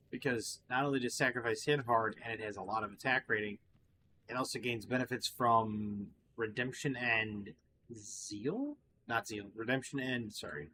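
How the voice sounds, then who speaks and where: A man's voice: mid-range voice, noisy background. A tired man commentating casually on his gameplay, rambling with fillers and restarts. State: tired, yawning. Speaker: gaming channel host.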